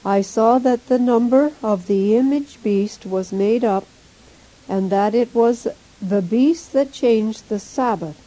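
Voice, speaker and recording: A woman giving a measured, solemn scripted reading of a religious vision account. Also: a little high, warm tone, poor audio.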